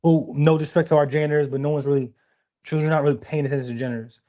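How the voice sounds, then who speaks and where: A man's voice: a little high, steady tone, racing, warm tone. A young man, co-hosting a podcast in casual, emphatic conversation and often repeating himself. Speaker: podcast co-host.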